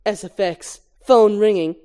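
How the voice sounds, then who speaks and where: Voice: mid-range voice, measured pace, clear, resonant tone. A reader reading a film script aloud, reciting stage directions and scene headings. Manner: flat stage-direction reading, lively swings.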